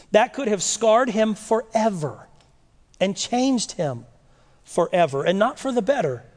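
A male preacher with a high, very lively voice that swoops up and down as he reads scripture and questions his listeners. His words ring out with a long echo, as in a large hall. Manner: animated, rhetorical questions, dramatic slow readings. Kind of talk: sermon reading and explaining scripture.

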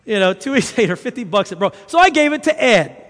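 A man preaching a conversational sermon, an animated storyteller who makes chatty asides to the congregation. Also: extremely high pitch, fast talker. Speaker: pastor. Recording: long hall reverb.

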